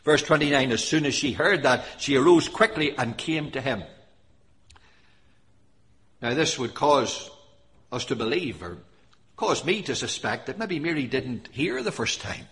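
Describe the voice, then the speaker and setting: A man preaching a sermon with earnest emphasis, reading scripture aloud and swinging between loud stressed phrases and soft quiet ones. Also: medium pitch, animated, unhurried, pauses often. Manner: reads scripture in King James wording.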